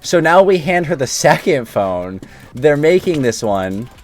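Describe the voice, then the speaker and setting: A man's voice: on the high side, big pitch swings, measured pace, faint music behind. A man hosting a gaming video, casually telling a long, self-deprecating story while he plays. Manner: chatty, self-deprecating, apologetic anecdote.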